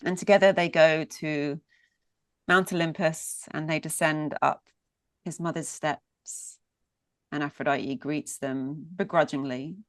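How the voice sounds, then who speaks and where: Woman storyteller, unhurried and lingering, repeats for emphasis, dry close sound. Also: sits low, fairly even intonation, dry recording. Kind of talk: mythic storytelling.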